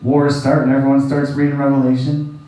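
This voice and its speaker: A man's voice: mid-range voice, completely flat delivery, a little fast, dark tone, slight background noise. A man preaching a conversational sermon, folksy and chuckling often, acting out quoted voices. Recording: very echoey room, voice from far off the mic.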